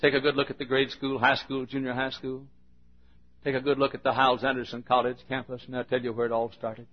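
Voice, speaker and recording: A man preaching a sermon in a church, swinging between shouted appeals and quiet asides. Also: mid-range voice, monotone, quick pace. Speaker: pastor. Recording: dull lo-fi sermon recording.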